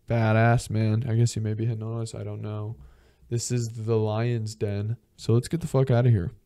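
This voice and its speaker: A young man from Georgia hosting a podcast, telling travel stories in a casual, profane, animated way and acting out the people he quotes. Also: mid-range voice, clear, resonant tone. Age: young adult. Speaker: podcast host. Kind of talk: casual storytelling monologue.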